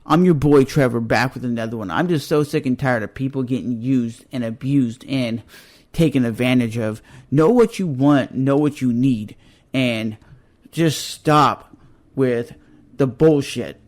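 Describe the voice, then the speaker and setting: A man's voice: mid-range voice, a little slow, darkish tone. A man vlogging a blunt, exasperated rant straight to the camera, swearing freely. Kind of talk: ranting monologue to camera.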